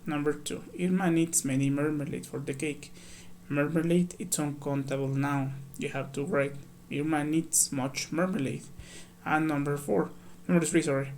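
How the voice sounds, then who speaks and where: Male ESL teacher, gravelly, slightly high voice, patient step-by-step workbook walkthrough, faint hiss behind. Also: steady tone, moderate pace, a little mellow. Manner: patient, explains step by step, reads examples aloud. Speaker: English teacher.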